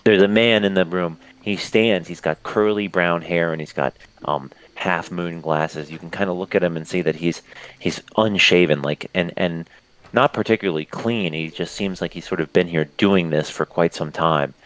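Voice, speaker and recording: A man's voice: sits low, moderate pace, fairly bright tone, poor audio. A man narrating a tabletop game as game master, in a loose, rambling way with restarts.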